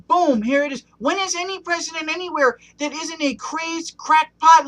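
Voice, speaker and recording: A man's voice: very high voice, bright, forceful tone, low-quality recording. A man ranting passionately in a one-take video monologue, punctuating points with a questioning "okay?". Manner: passionate, keeps asking "okay?". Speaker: vlogger.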